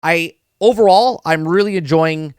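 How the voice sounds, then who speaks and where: A fairly high-voiced man talks through a TV episode on a live stream, rambling and circling back on his words. He curses offhandedly and keeps checking in with his chat. The sound is dry and close, with no room around it. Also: normal speed, clear, resonant tone, no room sound. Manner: rambling, repeats words, addresses chat, swears casually. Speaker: podcast host reviewing a TV episode. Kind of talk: casual live-stream review.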